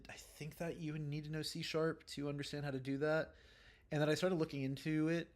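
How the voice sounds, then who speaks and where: A young man casually chatting while livestreaming, rambling with lots of fillers and restarts as he answers his viewers. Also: medium pitch. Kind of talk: casual chat reading live comments.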